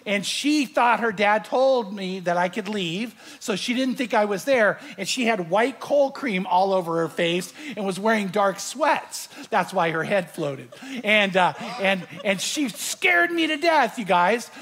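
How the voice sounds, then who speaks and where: A man's voice: sits high, expressive, a little slow, hardly any pauses, a bit bright. A man preaching to a large live audience, telling a story animatedly and acting out his own fright. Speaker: pastor. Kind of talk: sermon with storytelling.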